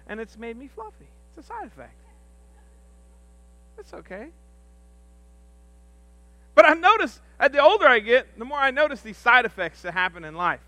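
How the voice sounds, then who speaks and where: A man on a church's staff giving a humorous sermon, telling self-deprecating stories in an animated, jokey way. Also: very high voice, no echo. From rural upbringing.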